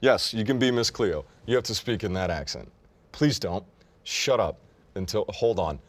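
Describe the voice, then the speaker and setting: A man's voice: on the low side, expressive, normal speed. A young adult man co-hosting a sports talk show, brash and profane, ribbing his co-host in casual banter. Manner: brash, profane, mock-insulting.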